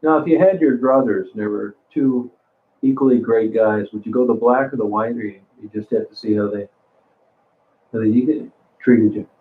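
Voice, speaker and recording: A man's voice: mid-range voice, moderate pace. Man, livestream host, blunt and crude, rambling; tinny phone-like audio. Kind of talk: casual live chat reading comments.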